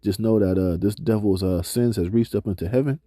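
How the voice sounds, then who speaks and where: Brief: male street preacher, very dark and mellow tone, dry close sound, loose slangy delivery. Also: fairly low pitch, no room sound. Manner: casual slangy preaching, often ends phrases with "man", many "uh" fillers; slows down to read scripture aloud. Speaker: street preacher reading scripture. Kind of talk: informal scripture commentary.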